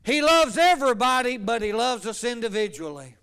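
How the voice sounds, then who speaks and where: A man's voice: very high-pitched, very animated, a little fast, fairly bright tone, clean tone. A man preaching a sermon, emphatic and drawn out, asking his congregation rhetorical questions. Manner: emphatic, asks the congregation rhetorical questions, stretches key words.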